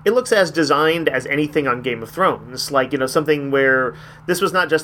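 With a medium-pitched, bright, forceful voice at a moderate pace, this comic shop podcast host chats casually about comics, enthusiastic but rambling and hesitant. There's slight background noise.

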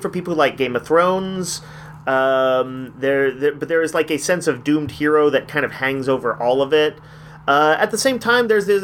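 A man's voice: a little high, fairly bright tone. A man hosting a comic shop podcast, talking casually and enthusiastically in a rambling, hesitant way. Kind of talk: casual chat reviewing comics.

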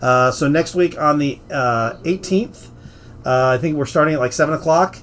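A man's voice: a little high, moderate pace, fairly bright tone, a little hiss or hum. Chatty man hosting a casual podcast. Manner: chatty, rambling with fillers and restarts. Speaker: game store podcast host. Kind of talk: casual chat.

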